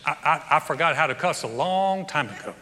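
A man's voice: fairly high pitch, animated, a little fast, pushed and bright, voice pushed down. A man voicing a polite, earnest small-town preacher in a sermon story. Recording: reverberant hall.

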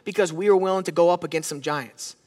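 A man's voice: sits high, fast, darkish tone, long reverb tail. A man in his thirties preaching a sermon as a pastor, with rising fervor and calls to the congregation.

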